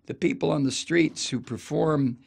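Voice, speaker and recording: A man's voice: on the high side, moderate pace, creaky, darkish tone, slightly rough. A man hosting a political talk show, delivering a sardonic, profane ranting monologue. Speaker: radio talk show host.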